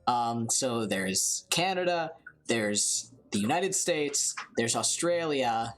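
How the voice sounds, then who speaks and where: Low-voiced, lively woman gamer chatting. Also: slow pace. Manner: chatty, giggly, self-mocking. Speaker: let's play host. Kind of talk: casual game commentary, reading dialogue aloud.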